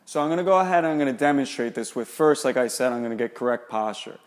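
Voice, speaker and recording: A man's voice: medium pitch, lively intonation, fast talker, in a large hall. A man, an exercise specialist, explaining and demonstrating shoulder exercises in a coaching manner.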